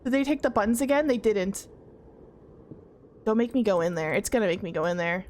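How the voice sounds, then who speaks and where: A woman's voice: mid-range voice, brisk, a little mellow, a little hiss or hum. A young woman streaming a horror game, jittery and talking to her chat as she checks things off aloud. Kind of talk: casual horror game let's play.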